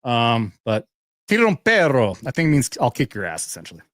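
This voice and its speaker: A man's voice: medium pitch, wildly swooping pitch, normal speed, a bit bright, no room sound, studio quality. A young adult man, a veteran hosting a show, ranting casually with constant swearing and frequent laughter. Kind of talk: casual profane commentary rant.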